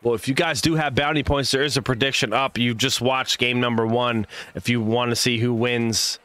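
A man's voice: medium pitch, fairly even intonation, normal speed, fairly bright tone. A man casting a live esports match, hyped and chatty, greeting viewers while calling the play. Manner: hype, chatty, greets viewers mid-call. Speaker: stream host and caster.

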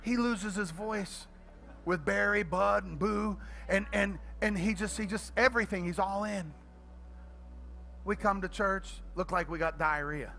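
A middle-aged male pastor with a high, creaky voice preaches an energetic sermon at a measured pace, soft background music playing. He tells comic stories and swings from quiet asides to loud shouting.

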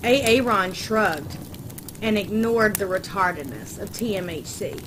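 A woman reading a crude comic fan story aloud in a deadpan, unhurried way. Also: medium pitch. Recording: noisy background ambience.

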